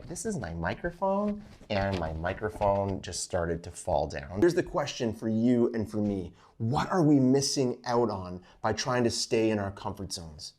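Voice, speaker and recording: A man hosting a fishing vlog, giving an informal Bible study with animated storytelling full of "like"s. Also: medium pitch. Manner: animated storytelling, acts out scenes, many "like"s.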